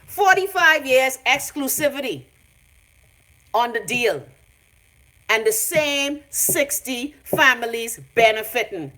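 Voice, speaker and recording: A woman's voice: sits high, lively intonation, slow, pushed and bright. A Bahamian woman ranting on a phone live stream from her home, brash, profane and mocking. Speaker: vlogger.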